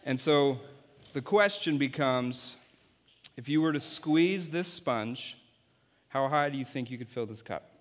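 A man's voice: mid-range voice, lively intonation, unhurried. A man, apparently a youth pastor, giving an object-lesson sermon and playfully coaching volunteers on stage. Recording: long hall reverb.

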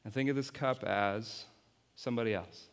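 A man's voice: lowish voice, normal speed, clear, resonant tone. A man, apparently a youth pastor, giving an object-lesson sermon and playfully coaching volunteers on stage. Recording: long hall reverb.

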